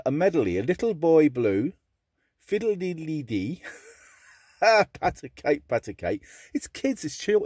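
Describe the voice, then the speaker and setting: A man talks on camera in a chatty, eager way, his voice husky. His pitch swings up and down, giving his talk a lively lilt. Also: no room sound. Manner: chatty and enthusiastic. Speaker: record collector vlogger. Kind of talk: casual chat.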